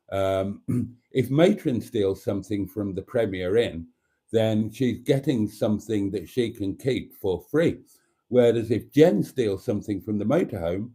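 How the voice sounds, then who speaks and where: A British man hosts a chatty live stream in a camp, theatrical, teasing manner, calling his viewers darlings. His voice is mellow, and his nose sounds stuffy. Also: on the low side. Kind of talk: casual live stream chat.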